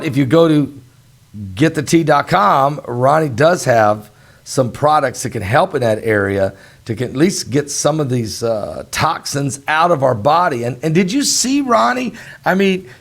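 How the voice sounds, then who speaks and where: Gravelly folksy male show host. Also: a little high. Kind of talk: casual talk-show chat.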